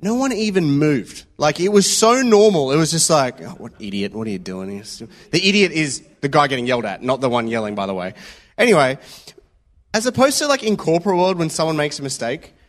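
A man's voice: a little high, sing-song, brisk. A man giving an informal, conversational sermon full of personal stories, often checking in with the listeners. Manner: conversational, anecdotal, checks in with "yeah?". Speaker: preacher.

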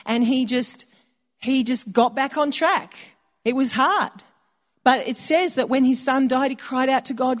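A woman's voice: high-pitched, a little slow. A woman preaching a sermon in a conversational way, slipping into quoted voices for little asides. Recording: long hall reverb.

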